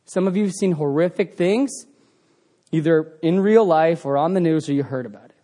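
A man preaching a sermon, telling the story with animated sound effects and swinging between loud bursts and hushed passages. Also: a little high, moderate pace.

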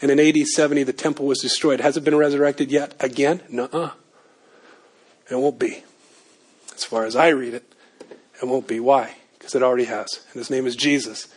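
A man preaching a sermon, animated, rising to emphatic peaks and dropping to low asides. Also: brisk, pauses often, slightly rough. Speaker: pastor.

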